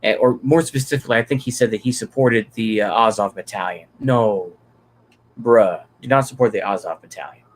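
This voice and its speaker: A man's voice: fairly low pitch, a little fast. A man from Texas giving unscripted solo political commentary, rambling and profane, with many fillers and restarts.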